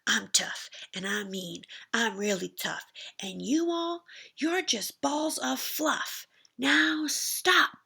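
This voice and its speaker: A woman's voice: medium pitch, expressive, slow pace, gravelly, sharp tone, breathy edge, exaggerated voice. A woman voicing a big, mean male billy goat from a storybook, boastful and taunting. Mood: boastful chant.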